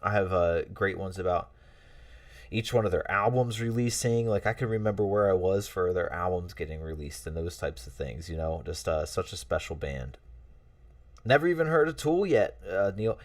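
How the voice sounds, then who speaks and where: A man with a low-pitched, expressive voice speaks at a normal pace, recorded dry and at a distance from the mic. As a livestream host, he reads out chat messages and chats with viewers in a friendly, rambling manner with lots of fillers and chuckles.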